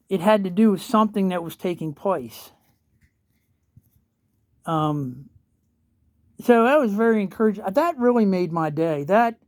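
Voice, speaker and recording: A man who is a chaplain, talking casually in a morning video update, sleepy and yawning, halting as he searches for his words. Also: high-pitched, no room sound, clean studio sound.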